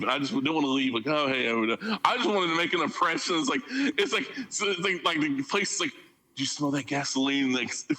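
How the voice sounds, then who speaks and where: A man's voice: fairly high pitch, pushed and bright, rough recording. A man co-hosting a podcast, talking in a loose, rambling comic way with frequent laughs and restarts. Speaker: podcast co-host. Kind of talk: casual comedic chat.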